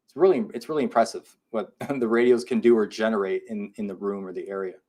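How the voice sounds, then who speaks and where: A man's voice: lowish voice, fairly even intonation, fast talker, a little mellow. A man co-hosting a live podcast, reading listener comments aloud and reacting to them. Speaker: podcast co-host. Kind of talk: casual live podcast chat.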